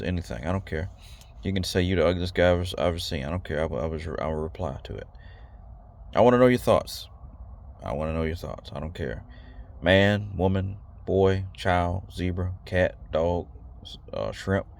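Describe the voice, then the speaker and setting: A man's voice: low-pitched, gravelly. A man giving a blunt, rambling casual talk to his viewers, slangy and repeating himself. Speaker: video host. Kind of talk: casual direct-to-camera talk.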